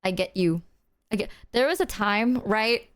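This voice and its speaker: A woman's voice: mid-range voice, unhurried, smooth. A young woman streamer chatting casually with her viewers, telling stories with slang and swearing and acting out what her friends said. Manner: animated storytelling, acting out quoted friends.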